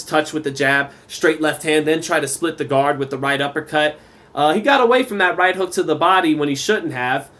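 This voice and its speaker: Guy doing live boxing commentary on a stream, chill, reads chat out, kinda high voice. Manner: relaxed, chatty, reads viewer comments aloud.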